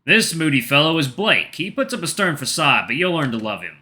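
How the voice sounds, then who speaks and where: A man's voice: a little high, sing-song, brisk, bright, forceful tone, pitched above the performer's own voice, exaggerated voice. A man voicing a jovial, theatrical male fox introducing his friends.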